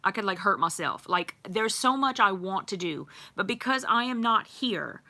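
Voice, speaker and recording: Middle-aged lady on a livestream, bright voice, lots of ums, chatting with her viewers. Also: mid-range voice, expressive, normal speed. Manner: chatty, rambling, laughs often, many ums. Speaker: livestream host. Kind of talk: casual live chat reading comments.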